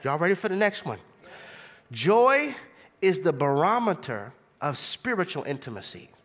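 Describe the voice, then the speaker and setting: Young male preacher, fairly high, very expressive pitch, casual and conversational sermon delivery. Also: moderate pace. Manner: animated, conversational preaching with rhetorical questions.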